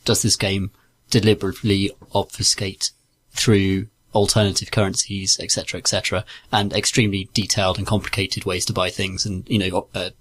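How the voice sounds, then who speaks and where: Husky-voiced man, articulate. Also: deep voice, flat delivery, fairly bright tone. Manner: articulate, measured. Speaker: podcast co-host. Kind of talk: casual chat.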